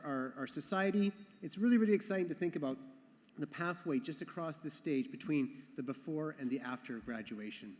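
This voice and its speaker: A man speaking as the education council chair at a graduation ceremony, earnest and sometimes repeating himself. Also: fairly high pitch. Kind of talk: ceremony speech. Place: large hall. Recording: long hall reverb.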